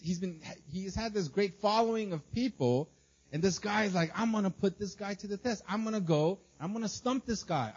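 A man's voice: a little high, darkish tone. A man preaching a casual sermon, talking conversationally with many fillers and frequent "right?" checks to the congregation. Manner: filler-heavy, conversational, asks "right?" often. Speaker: pastor. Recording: dull lo-fi sound.

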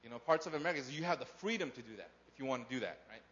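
A man's voice: medium pitch, lively intonation, rapid-fire, a bit bright, dull audio. A man preaching a sermon to his congregation, talking casually and often asking the crowd questions. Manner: conversational, asks the crowd questions. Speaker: pastor. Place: church in Korea.

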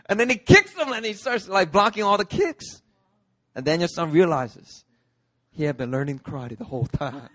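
A man preaching a lively, story-driven sermon, slipping into playful character voices as he goes. His voice sits a little high for a man. The sound is dry and close. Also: moderate pace, dry recording. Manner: animated, acts out movie characters with put-on voices. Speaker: pastor. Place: church hall, dry sound.

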